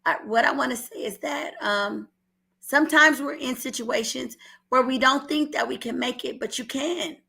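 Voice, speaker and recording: A woman's voice: sits high, moderate pace, creaky, bright, forceful tone, slightly rough. A middle-aged woman from Oakland with an Oakland accent, telling an earnest personal story on a call-in show and holding back tears. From Oakland, California. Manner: earnest, repeats herself, fights back tears. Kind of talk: emotional testimony on a call-in show.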